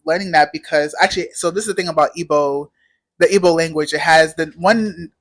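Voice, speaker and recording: A young woman chatting as a podcast guest in a loose, casual way. She strings her thoughts together with plenty of "like" fillers and meandering sentences. Her tone is relaxed and conversational. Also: sits low, a little fast. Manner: rambling, heavy use of "like" fillers. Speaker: podcast guest, knitwear designer. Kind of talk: casual interview chat.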